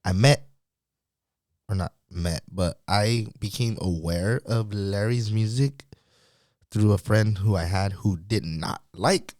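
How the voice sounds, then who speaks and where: A man's voice: on the low side, takes it slowly, darkish tone, no echo, clean studio sound. A man guesting on a podcast interview, talking in a laid-back, slangy way and laughing often. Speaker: guest singer.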